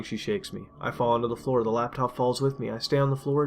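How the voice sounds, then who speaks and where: A man reading a dark first-person story aloud, intense and emotional. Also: medium pitch, brisk, gravelly, few pauses. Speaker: narrator. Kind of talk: dramatic horror story reading. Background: faint music.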